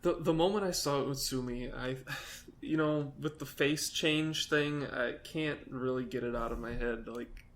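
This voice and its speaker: A man's voice: mid-range voice, unhurried, few pauses. A man co-hosting a podcast in casual chat, playful and teasing, with frequent laughter. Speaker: podcast co-host.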